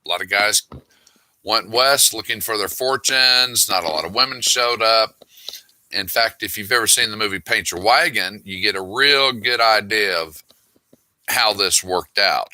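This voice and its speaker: A man's voice: fairly low pitch, a little slow, bright, forceful tone, no room sound. A middle-aged man in a casual monologue, reading emails aloud with wry, exasperated asides. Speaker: author.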